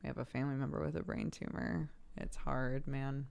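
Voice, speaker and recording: A man's voice: medium pitch, fairly even intonation, a little fast, gravelly, darkish tone, smooth. A young man streaming, chatting casually with viewers, reading out their messages and laughing often.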